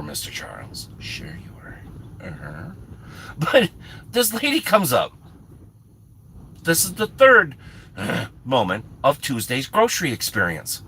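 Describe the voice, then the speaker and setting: Middle aged guy rambling a funny story to chat, kinda raspy, pitch bouncing all over. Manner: animated, self-mocking, rambling with restarts. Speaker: streamer. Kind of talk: casual storytelling to live chat.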